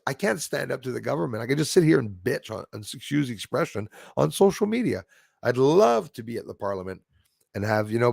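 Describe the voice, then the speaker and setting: A man's voice: medium pitch, gravelly, dry recording, clean studio sound. A man hosting a casual livestream chat, reading viewer comments aloud and rambling indignantly. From Canada.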